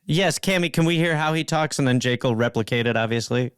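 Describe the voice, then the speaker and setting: A man's voice: mid-range voice, fairly quick, fairly bright tone, clear, resonant tone, no room sound. A man co-hosting a comedic podcast, needling the others with wry remarks. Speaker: podcast co-host.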